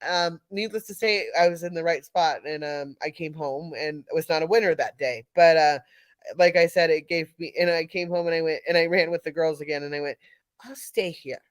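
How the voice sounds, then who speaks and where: A woman's voice: deep voice, steady tone, fairly quick, dry recording. A middle-aged woman from California, telling a casual story on a live audio panel, laughing often and restarting her sentences. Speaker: panel speaker.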